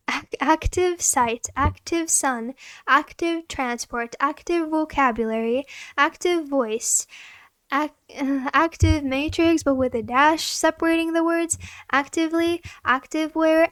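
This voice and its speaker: A woman's voice: sits high, a bit bright, no echo. A woman who streams as a vtuber, reading dictionary entries aloud one after another and giggling as she stumbles over hard words.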